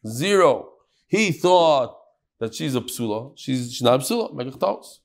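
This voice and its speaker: Guy teaching talmud, lively, keeps quizzing the room, mid-pitch voice. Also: measured pace, gravelly. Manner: animated, quizzes students, mixes Hebrew and Aramaic terms. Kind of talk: daily Talmud class.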